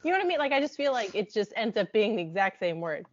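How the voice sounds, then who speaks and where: A woman's voice: medium pitch, very animated, fast. Curious woman chatting, muffled audio. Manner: curious, laughs often, rambling questions. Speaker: podcast co-host. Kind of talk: casual chat.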